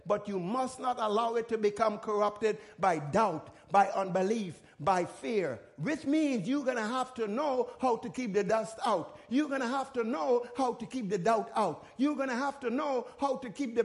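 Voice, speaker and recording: A man's voice: very high voice, moderate pace, few pauses. A middle-aged male pastor preaching a sermon, repeating phrases and checking in with the congregation. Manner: repeats words in restarts, calls out to the congregation.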